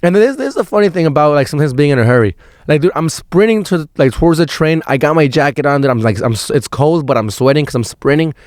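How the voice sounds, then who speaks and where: A man's voice: a little high, lively intonation, quick pace, darkish tone, no echo, studio quality. A young man hosting a podcast, telling a rambling, slangy story with lots of "dude" and swearing. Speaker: podcast host. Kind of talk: casual storytelling monologue.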